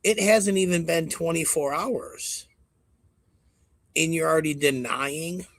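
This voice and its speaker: A man's voice: on the high side, slow, vocal fry, a bit bright, no room sound. A man hosting a live stream in a casual, profane and mocking way, rambling to his audience. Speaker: stream host.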